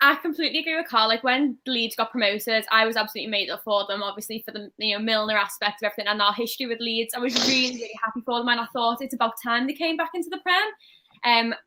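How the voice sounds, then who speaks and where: Bright chatty Scouse woman. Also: fairly high pitch. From Liverpool, England. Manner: chatty, quick and animated. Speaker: podcast co-host. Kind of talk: casual football chat.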